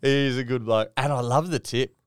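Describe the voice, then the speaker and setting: This middle-aged Australian podcast co-host speaks at medium pitch and a moderate pace, with fairly even intonation and a clear, resonant tone. Casually chatting, he laughs, swears and voices the people in his stories, captured in a dry, studio-quality recording.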